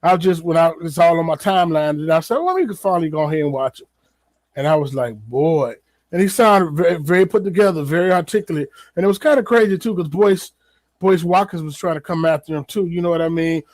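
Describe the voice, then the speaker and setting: Chatty man with a fairly high, dry voice. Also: fast, darkish tone, dry recording. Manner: loose, conversational, repeats words, many fillers. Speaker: podcast host. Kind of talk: casual solo commentary.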